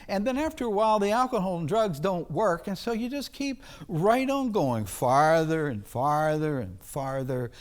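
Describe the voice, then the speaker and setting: A man's voice: sits high, animated. A male pastor preaching a chapel sermon, telling the story dramatically and drawing it out. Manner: dramatic, drawn-out storytelling with acted-out voices.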